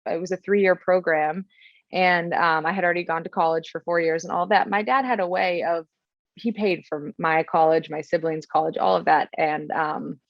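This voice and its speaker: Young woman podcast guest with a gravelly, slightly low voice. Earnest, reflective storyteller. Dull, dry recording. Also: fairly even intonation, moderate pace, no room sound. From Florida, USA. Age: young adult. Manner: earnest and reflective, many ums and restarts. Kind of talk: casual personal storytelling.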